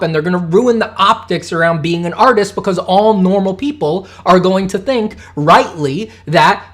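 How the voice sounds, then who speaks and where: A man in his thirties hosting a livestream, reading chat and ranting in a heated voice that swings from shouting to muttering, often swearing. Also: high voice, normal speed. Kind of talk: casual livestream rant.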